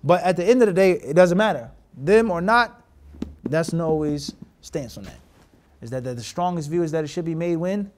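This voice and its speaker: A man's voice: on the high side, animated, moderate pace, a little hiss or hum. A man teaching a classroom hadith lesson, mixing Arabic terms into his English and often stopping to check that his students follow. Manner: asks the class rhetorical check questions. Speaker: Islamic teacher.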